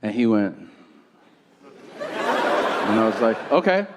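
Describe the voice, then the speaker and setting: A male stand-up comic working a live crowd, swinging his pitch up and down as he acts out both sides of a conversation. His voice sits a bit higher than most men's. Audience laughter and noise roll in around him. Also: lively intonation, a little slow. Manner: storytelling with acted-out dialogue, profane punchlines. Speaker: stand-up comedian. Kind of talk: stand-up comedy set.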